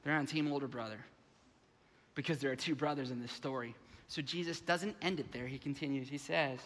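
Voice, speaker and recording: A man from the United States preaching a sermon as pastor, animated and acting out the voices in his stories. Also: mid-range voice, fairly quick, big-room sound. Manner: animated, acts out voices, frequent restarts. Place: large church sanctuary.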